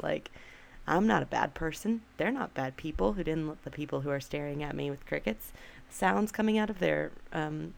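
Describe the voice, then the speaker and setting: A woman's voice: low-pitched, gravelly. A young adult woman hosting a podcast alone, chatting casually and poking fun at herself, with many "like"s and "um"s. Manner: chatty, self-deprecating, many fillers like "like" and "um". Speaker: podcast host. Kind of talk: casual solo podcast chat.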